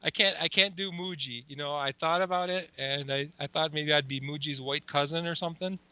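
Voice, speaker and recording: Very bright-voiced man, laughing and chatty. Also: a little high, steady tone, a little fast, smooth, highs cut off. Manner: laughs often, rambling with many fillers. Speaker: comedy video maker, guest. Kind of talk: casual interview chat.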